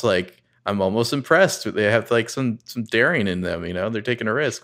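A man with a fairly low voice hosts a relaxed podcast conversation. He complains in a dry, sarcastic way and talks like he is among friends. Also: moderate pace, few pauses. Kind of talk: casual chat.

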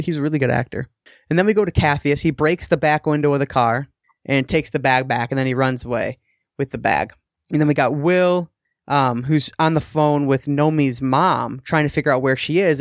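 A man's voice: on the high side, creaky, no echo. A man co-hosting a podcast, casually recapping a TV episode in a rambling way with the odd swear word. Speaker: podcast co-host.

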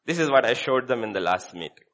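A man preaching a sermon as a pastor, repeating short phrases and swinging between hushed and loud delivery. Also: mid-range voice, lively intonation, fast talker.

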